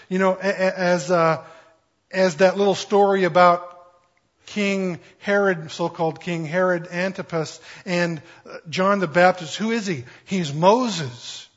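A man's voice: fairly high pitch, slightly rough, muffled recording. A man preaching a sermon in a conversational, playful way, acting out quotes with jokes. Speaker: pastor.

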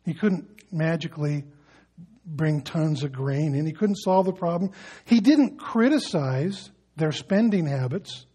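High-voiced man preaching conversationally. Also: expressive, measured pace, dark tone, slightly rough. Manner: conversational, anecdotal preaching with many fillers and restarts. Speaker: pastor. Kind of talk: sermon.

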